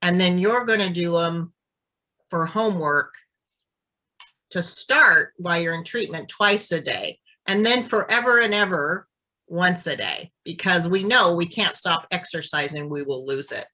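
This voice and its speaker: A woman speech therapist explaining and demonstrating voice exercises in a clear, deliberate teaching manner. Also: fairly low pitch, pushed and bright, rough recording. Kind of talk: instructional demonstration.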